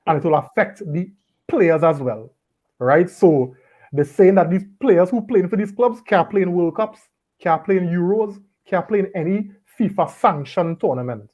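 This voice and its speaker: A man hosting a casual football chat, relaxed and repeating words as he thinks. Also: high voice, moderate pace. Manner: relaxed, repeats words while gathering thoughts. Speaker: podcast host. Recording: dull lo-fi audio.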